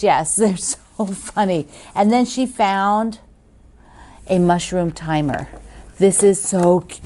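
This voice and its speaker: A woman's voice: low voice, mellow, a little hiss or hum. A woman hosting a quilting video, chatting casually and gushing as she opens fan mail, laughing often. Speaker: quilting show host.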